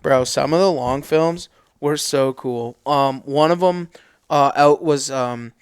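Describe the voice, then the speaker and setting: A man co-hosting a podcast, telling stories in casual, slangy chat with loose, animated energy. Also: medium pitch, slow pace, clear, resonant tone, no room sound, clean studio sound. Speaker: podcast co-host.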